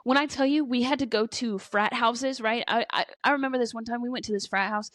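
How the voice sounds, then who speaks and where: A fast-talking woman in her twenties, fairly high-pitched and a bit bright, co-hosts a casual podcast on a dry recording. Her stories brim with "like" and "you know," and she swears occasionally.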